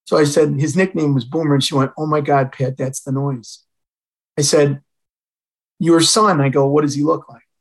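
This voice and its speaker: Here the former Illinois fire chief sounds on the high side, with fairly even intonation and a normal speaking speed. As a podcast guest, the older man recounts a story from his own life and performs the conversations in it. The recording is rough.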